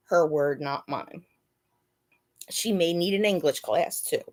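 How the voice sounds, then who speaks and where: A woman's voice: low voice, takes it slowly, pauses often, darkish tone. A woman hosting a casual live chat from her bed at home, emotional and close to tears. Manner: talks to her pets mid-stream. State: dry mouth. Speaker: channel host.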